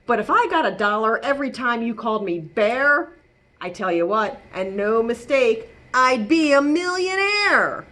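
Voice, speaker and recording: A woman's voice: fairly high pitch, big pitch swings, a little slow, sharp tone, exaggerated voice. A woman voicing a grumpy, fed-up male koala who complains indignantly in a storybook read-aloud. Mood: grumbling.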